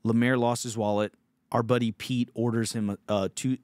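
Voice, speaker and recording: A man's voice: fairly low pitch, fairly even intonation, normal speed, a little mellow, no echo. A man hosting a podcast, telling a story in a casual, profane, laughing way. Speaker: podcast host.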